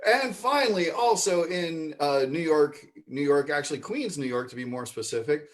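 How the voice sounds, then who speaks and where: Male improv host, slightly higher voice, rambling livestream banter. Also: expressive, normal speed, few pauses. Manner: rambling with many fillers. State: mouth full of marshmallow. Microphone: video call.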